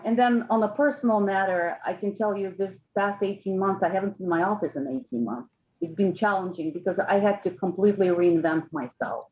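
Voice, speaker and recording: A woman's voice: on the low side, lo-fi sound, a little hiss or hum. A woman speaks hesitantly as a panel guest in a casual video-call discussion, with many fillers and restarts.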